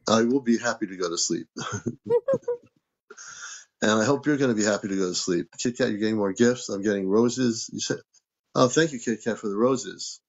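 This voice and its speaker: A man hosting a casual livestream from home, with a low, gravelly voice. He reads out viewer comments and thanks people for gifts in an easygoing way. The sound is dull and lo-fi. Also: fairly quick. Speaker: livestream host.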